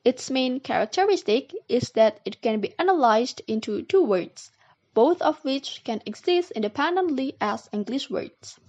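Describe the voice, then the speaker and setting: Woman, young adult, Indonesian accent, higher voice, steady read-aloud class presentation. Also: normal speed, highs cut off. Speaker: student presenter.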